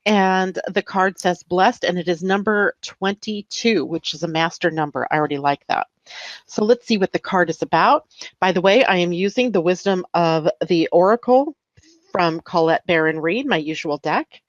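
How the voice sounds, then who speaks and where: A woman's voice: on the low side, moderate pace, no room sound, muffled recording. A woman hosting a live chat show, upbeat and chatty, from the US West Coast. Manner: chatty, upbeat, laughs easily. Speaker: host. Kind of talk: casual live-stream chat.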